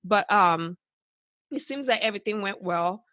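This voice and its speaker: A woman hosting a podcast in casual chat, excitable and effusive, laughing often. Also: medium pitch, normal speed, no room sound. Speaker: podcast host.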